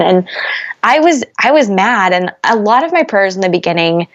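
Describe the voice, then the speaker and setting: A young woman speaks candidly and earnestly, filling her sentences with "like" as her intensity builds. Her voice sits at an ordinary pitch. The recording is a bit dull and lo-fi. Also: big pitch swings, normal speed. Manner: earnest, heavy use of "like", rising intensity. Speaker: podcast guest. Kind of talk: candid conversational storytelling. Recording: slightly dull lo-fi podcast audio.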